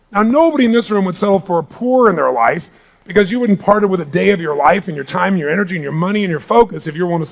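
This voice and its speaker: A middle-aged man giving a live motivational seminar talk to a large audience in a hall, booming and energetic, swinging from hushed asides to shouting. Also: gravelly. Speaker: motivational speaker.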